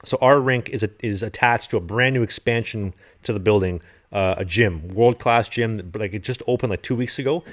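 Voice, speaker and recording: A man co-hosting a podcast, chatting casually and telling animated stories with plenty of swearing. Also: fairly low pitch, normal speed, few pauses. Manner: animated storyteller, swears freely. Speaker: podcast co-host.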